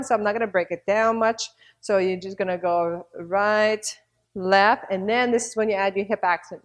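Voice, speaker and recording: A woman instructor talking students through a beginner dance class, cueing moves and counting beats aloud. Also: mid-range voice.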